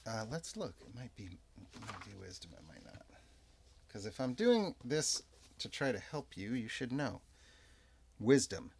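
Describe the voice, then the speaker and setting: A man narrating and rules-explaining a solo tabletop role-playing game in an unhurried, chatty way. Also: lowish voice, creaky, breathy edge. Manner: unhurried, chatty, lively ups and downs. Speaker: game master and player.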